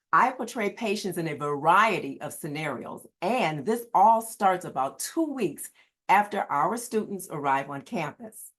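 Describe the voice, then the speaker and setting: Earnest low-voiced woman presenting. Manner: earnest, emphatic, repeats key words. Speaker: standardized patient. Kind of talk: prepared presentation.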